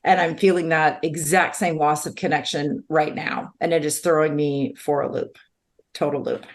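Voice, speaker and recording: A woman's voice: low voice, steady tone, normal speed. Earnest woman co-host, emotional podcast chat. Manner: earnest and emotional, sighs, repeats herself. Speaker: podcast co-host sharing her own experience. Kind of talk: candid conversational podcast chat.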